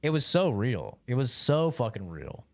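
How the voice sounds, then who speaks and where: A young man streaming live, telling a story in a rambling, swear-heavy way with a mid-pitched voice that swings widely up and down. His words stay padded with "like" and "bro", and the sound is dry and close with no room echo. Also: big pitch swings, normal speed. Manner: rambling, profane, lots of filler like "like" and "bro". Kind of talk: casual livestream storytelling.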